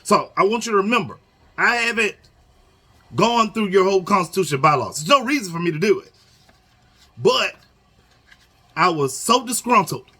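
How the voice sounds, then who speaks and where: A man with a high, bright voice that swings widely in pitch, talking straight to camera for union members. He is emphatic and repetitive, hammering each point and checking in with a questioning "okay?" as he goes. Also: expressive, moderate pace, long pauses, slightly rough. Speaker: union organizer addressing members. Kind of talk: casual talking-head video lesson. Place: Houston area.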